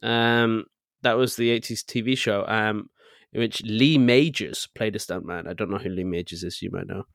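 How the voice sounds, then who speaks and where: A man's voice: lowish voice, normal speed, creaky, a bit bright. An easygoing man co-hosts a casual podcast chat, running through upcoming film news. He reads bits aloud and then riffs on them. His voice sits close and dry, with no room echo. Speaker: podcast co-host.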